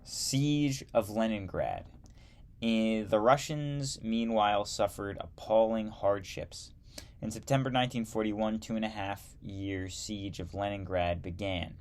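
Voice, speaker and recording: A man teaching history, reading a textbook aloud slowly and adding wry asides. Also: on the low side, a little mellow.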